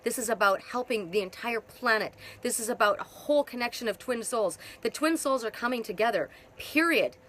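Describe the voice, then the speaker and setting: A woman's voice: on the high side, brisk, hardly any pauses, a bit bright, a little hiss or hum. A middle-aged woman giving an emphatic, repetitive spiritual monologue as a twin soul facilitator, speaking outdoors. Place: outdoors in hot humid weather.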